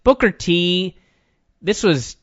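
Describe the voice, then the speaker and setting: A man's voice: high voice, animated, slow pace, fairly bright tone, no room sound, muffled recording. A man co-hosting a casual wrestling review podcast, ranting with sarcasm and a lot of swearing. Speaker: podcast co-host.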